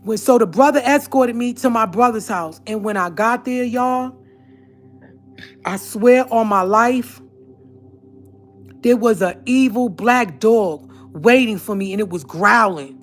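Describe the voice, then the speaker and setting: A woman's voice: fairly high pitch, measured pace, soft background music. Earnest New woman telling her story. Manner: earnest, emphatic, addresses viewers directly. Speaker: vlogger. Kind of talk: personal testimony storytelling.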